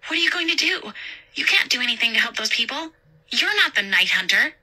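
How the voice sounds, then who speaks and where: A woman's voice: fairly high pitch, very animated, a little fast, bright, forceful tone, pitched above the performer's own voice, heavily acted, poor audio. A woman reading a story aloud and voicing a timid young coworker who pleads and whines in fear. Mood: scared. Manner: fearful, pleading, whiny.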